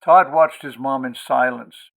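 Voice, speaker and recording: A man hosting and narrating an audiobook in a measured, expressive way. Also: medium pitch, creaky. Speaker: audiobook reader, host.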